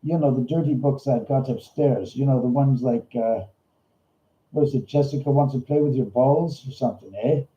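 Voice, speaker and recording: A man's voice: medium pitch, normal speed, mellow, lightly acted. A man voicing a goofy male Canadian ghost investigator with a put-on Canadian accent, joking and ending lines with "eh". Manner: jokey, ends lines with "eh", calls people hosers. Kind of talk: comic bit on a livestream. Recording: roomy, slightly dull livestream audio.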